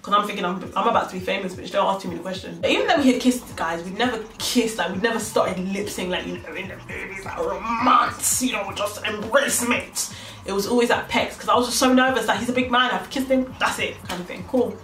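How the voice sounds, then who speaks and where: A woman's voice: medium pitch, fairly quick, a bit bright. A young woman telling a story in a casual, slangy way, acting out both sides of it. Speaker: vlogger. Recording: echoey room, mic at a distance, faint music.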